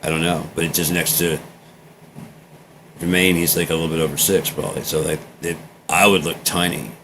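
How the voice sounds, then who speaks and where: A man's voice: a bass voice, fairly even intonation, moderate pace, background noise. An American man talking casually in a meandering, drifting monologue, trailing off and jumping between topics. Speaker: vlogger recording a personal journal.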